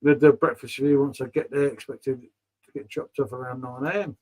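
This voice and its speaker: A man's voice: mid-range voice, steady tone, fairly quick, darkish tone, rough recording. A man, hosting a casual livestream chat over beers and talking in a laid-back, matey way. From England. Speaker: livestream host.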